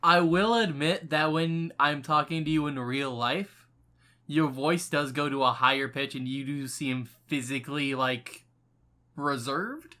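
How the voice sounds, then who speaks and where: A man's voice: fairly high pitch, steady tone, a little slow, sharp tone. A young man co-hosting a podcast, playfully pushing his friend in casual chat. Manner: playful, pushy, teasing. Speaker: podcast co-host.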